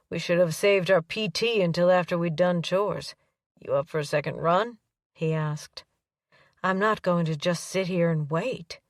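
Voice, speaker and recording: A woman's voice: fairly low pitch, fairly bright tone, no echo, clean studio sound, recorded from a distance. A woman reading a romance audiobook aloud, giving the characters light voices of their own. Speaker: audiobook narrator. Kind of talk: scripted narration.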